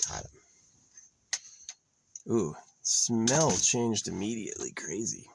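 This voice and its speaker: A man's voice: on the low side, animated, slow pace, vocal fry, long pauses, background noise. A man vlogging in a casual, rambling monologue, talking off the cuff with plenty of profanity.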